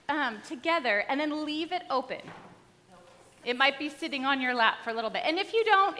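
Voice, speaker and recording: Woman pastor, sermon, bright clear voice, slightly high, echoing church hall. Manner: conversational storytelling with light humor. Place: church sanctuary. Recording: long reverb in a large hall.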